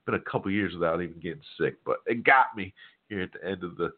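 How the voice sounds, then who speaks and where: A deep-voiced man hosts a casual talk radio show, his nose stuffed with a cold. He talks in a loose, offhand, scoffing way. The sound is thin and phone-like. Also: quick pace. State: nasal from a head cold. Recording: tinny phone-like line.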